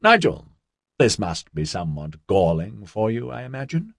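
A man's voice: low-pitched, very animated, normal speed, slightly rough, no room sound, heavily acted. Man voicing a smug aristocratic senator. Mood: mocking. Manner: amused, teasing, close to mockery. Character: confident, mocking male senator, polished aristocrat.

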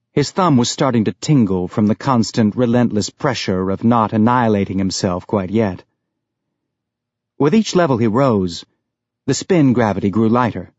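A man reading audiobook narration in a steady, even way, on a dry, dull lo-fi recording. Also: on the low side, dry recording.

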